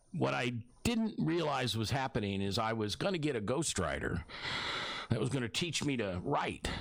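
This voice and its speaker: A man's voice: lowish voice, fairly bright tone, dry recording. A man and radio host telling a long personal story in casual chat, rambling, restarting, and acting out what others said to him. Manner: rambling, self-interrupting storyteller who acts out quotes. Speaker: radio host talking about his book.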